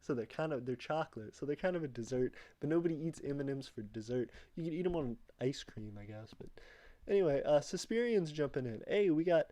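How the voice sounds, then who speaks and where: A man's voice: a little high, animated, brisk, warm tone. A young man hosting a casual livestream, greeting viewers from chat and rambling with lots of fillers. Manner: rambling, reads chat aloud, many fillers. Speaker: livestream host.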